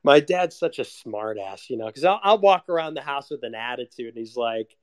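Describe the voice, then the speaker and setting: A man's voice: medium pitch, expressive, fairly quick, clean tone. A young man ranting casually, sardonic and profane, laughing often. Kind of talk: casual rant.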